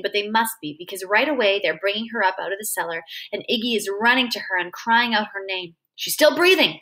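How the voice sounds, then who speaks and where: Woman reading a novel aloud, dramatic storyteller, raised pitch, crisp tone. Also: sharp tone. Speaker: reader.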